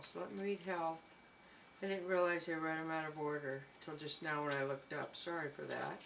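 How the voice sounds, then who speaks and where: A woman's voice: low voice, level tone, moderate pace, gravelly, fairly bright tone, slight background noise, rough recording. A woman giving a tarot reading, gushing and reassuring, often repeating her encouragements. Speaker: tarot reader.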